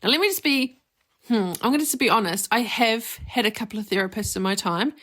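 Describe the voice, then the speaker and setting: A woman's voice: fairly high pitch, expressive, a little fast. Woman, podcast host, therapist, candid, conversational, reflective monologue, casual fillers. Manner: warm, candid and conversational, with many "like" and "you know" fillers.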